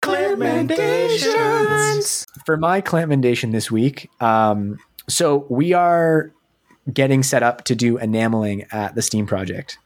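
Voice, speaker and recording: Male podcast host, casual chat, rambling, self-deprecating, average pitch. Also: animated, unhurried.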